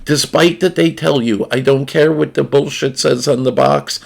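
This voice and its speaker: A man's voice: medium pitch, moderate pace, creaky. A man, chatting casually to viewers in a blunt, profane, rambling way. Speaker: gaming streamer reviewing a snack. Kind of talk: casual unscripted chat to viewers.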